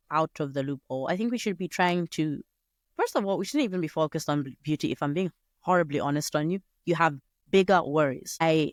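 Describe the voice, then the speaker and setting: A young woman hosting a solo podcast, talking in a chatty, digressive way with sudden jumps up in pitch. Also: dry recording, clean studio sound. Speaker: podcast host. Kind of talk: casual solo podcast monologue.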